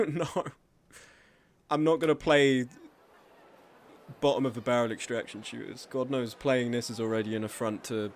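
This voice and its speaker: A man's voice: medium pitch, slight background noise. A man streaming a video game, ranting in an exasperated, self-mocking way about other players and his own bad luck. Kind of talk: casual gaming stream chat.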